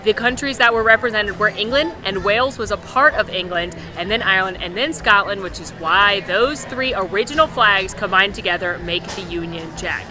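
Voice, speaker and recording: A woman's voice: medium pitch, moderate pace, few pauses. A woman hosting a casual walking-tour vlog outdoors at a theme park, chatty and upbeat, joking and correcting herself as she goes. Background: music.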